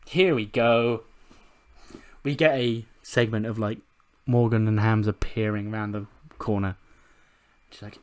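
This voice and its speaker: A man casually narrating and commenting on his game run, swearing freely and laughing along. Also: on the low side. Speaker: gaming video host.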